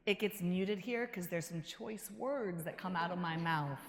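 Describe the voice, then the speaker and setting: A woman giving a motivational keynote talk, an animated storyteller who acts out quotes with a lively voice and laughs between stories. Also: lowish voice, unhurried. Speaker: keynote speaker. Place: large conference hall. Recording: echoey hall reverb.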